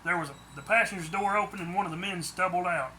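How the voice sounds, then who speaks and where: Bright, high-voiced man reading a story. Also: fast talker, slight background noise. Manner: plain reading with restarts and slips. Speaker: audiobook narrator. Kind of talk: first-person story reading.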